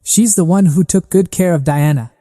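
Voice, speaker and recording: A man's voice: high-pitched, normal speed, mellow, in a large hall, voice pushed up, natural voice. A man voicing a stern, powerful duke who is a protective father.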